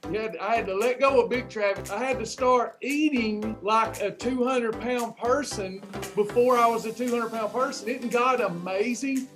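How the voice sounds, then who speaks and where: A man's voice: extremely high pitch, moderate pace, over music. A man hosting a Christian weight loss livestream, fired up and preachy, repeating his phrases. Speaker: host of a weight loss program. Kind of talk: Christian motivational livestream talk.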